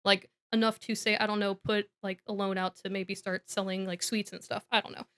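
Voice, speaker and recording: A young woman on a podcast, casually retelling a book plot with laughs and quick character voices. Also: medium pitch, flat delivery, fairly bright tone, smooth. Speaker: podcast co-host.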